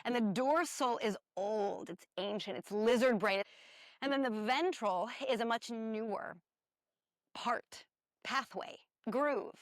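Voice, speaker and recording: A woman's voice: fairly high pitch, slow pace, dry recording, clean studio sound. A woman co-hosting a spiritual wellness podcast, explaining ideas with enthusiasm and playful asides. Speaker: podcast co-host.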